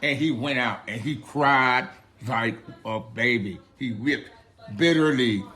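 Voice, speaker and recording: A man's voice: medium pitch, takes it slowly, sharp tone. A man casually retelling a Bible story to a child in a playful, slangy, chatty way. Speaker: parent reading the Bible to a child.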